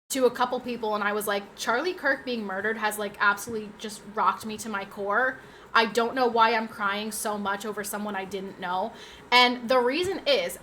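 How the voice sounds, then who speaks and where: A woman's voice: fairly high pitch, sharp tone, slight background noise. A young adult woman streaming from home, chatting casually with her viewers, full of fillers and restarts. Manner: chatty, talks straight to chat with fillers and restarts. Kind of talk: casual live-stream chat.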